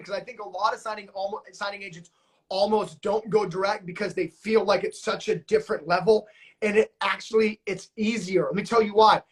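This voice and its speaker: A man hosts a live coaching stream and keeps the energy high. He hypes up his guests, drops slang and leans on casual fillers as he talks. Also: a bit bright. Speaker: notary business coach and live-stream host.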